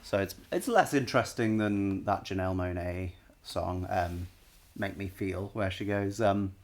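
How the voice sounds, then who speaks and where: A man's voice: sits low, fairly even intonation, normal speed, gravelly. A man analyzing a song on a live stream, casually singing short bits of melody to show the notes and often stopping to correct himself.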